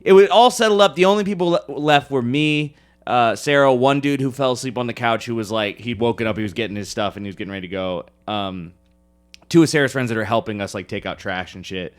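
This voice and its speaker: A man's voice: mid-range voice, quick pace. A man co-hosting a podcast, telling a story in casual chat, swearing freely and laughing often. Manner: profane, laughs often, animated retelling. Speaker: podcast co-host.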